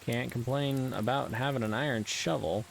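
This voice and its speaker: A man's voice: medium pitch, normal speed, creaky, slight background noise, low-quality recording. Rambling man commenting on gameplay. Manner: rambling, self-deprecating, frequent ums and uhs. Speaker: let's play gamer.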